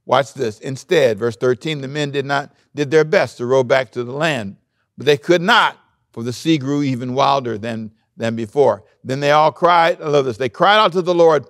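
Male pastor in full sermon mode, animated and theatrical, acting out the scripture; raised pitch, close dry recording. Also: unhurried, no room sound. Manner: animated, acts out the scripture, big swings in loudness.

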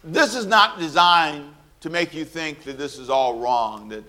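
A man preaching a sermon as pastor, animated and humorous, calling on the congregation to repeat after him. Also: a little high, unhurried, a little hiss or hum. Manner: animated preaching with humor and audience call-and-response.

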